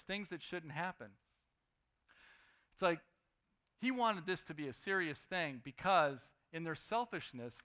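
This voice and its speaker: A young man preaching a sermon, lively, swinging between loud emphasis and quiet asides. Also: on the high side.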